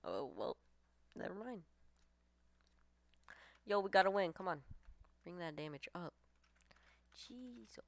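A woman calls out her match as she plays, excitable and foul-mouthed, her pitch leaping all over the place. She trash-talks opponents between groans. The sound is close and dry, with no room around it. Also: slow, long pauses, no echo. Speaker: gamer streamer. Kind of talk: live gameplay commentary.

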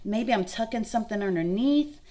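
A woman's voice: fairly high pitch, animated, brisk, warm tone. A young woman, an art instructor giving a friendly, encouraging lesson and thinking aloud as she works. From Louisiana. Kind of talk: kids' art lesson demonstration.

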